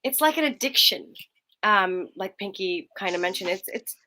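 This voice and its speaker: A young woman co-hosting a casual chat, telling a personal story in an animated way and acting out quotes in a higher voice. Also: moderate pace. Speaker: co-host.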